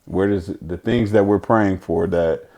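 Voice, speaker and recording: In a candid conversational interview, a guest who is the father of an autistic son speaks earnestly and reflectively, with many fillers and restarts. His voice is low and warm, fairly even in intonation, and unhurried.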